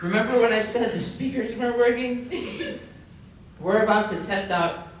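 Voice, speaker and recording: A man's voice: high voice, moderate pace. Man hosting a comedy panel in an echoey hall. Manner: deadpan mock-conspiratorial, chatty with many fillers. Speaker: panel host. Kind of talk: mock-serious comedy panel talk. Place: convention panel room with audience. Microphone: room microphone. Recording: very echoey hall from far off, noisy.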